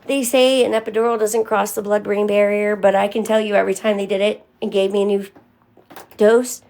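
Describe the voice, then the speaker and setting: Gravelly-voiced young woman chatting on a live stream. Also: mid-range voice, level tone, fairly quick, a little mellow. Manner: candid, answers commenters by name. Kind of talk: casual live-stream chat with viewers.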